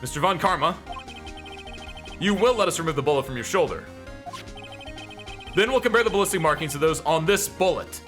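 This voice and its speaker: A man's voice: fairly high pitch, animated, brisk, long pauses, fairly bright tone, faint music behind. A man reading as an earnest young defense lawyer.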